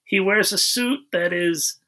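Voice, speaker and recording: A man's voice: high voice, unhurried, sharp tone. A man co-hosting a podcast, recapping a movie plot in a dry, dismissive way. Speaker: podcast co-host. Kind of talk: casual chat.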